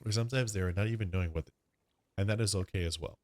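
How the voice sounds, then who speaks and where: A man voicing a gentle, polite male tea shop keeper who speaks formally with slightly odd grammar. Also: fairly low pitch, racing, natural voice.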